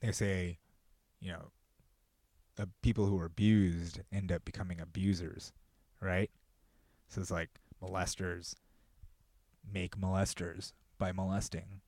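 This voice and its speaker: A man hosting a podcast with a profane, riffing comedic rant that builds to loud mock outrage. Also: low voice, level tone, unhurried, long pauses, no room sound. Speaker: podcast host.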